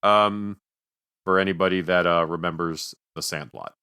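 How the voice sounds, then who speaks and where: A man's voice: low voice, moderate pace, pushed and bright, smooth. A man co-hosting a film podcast, talking casually and rambling with self-mocking jokes. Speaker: podcast co-host. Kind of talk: casual film review chat.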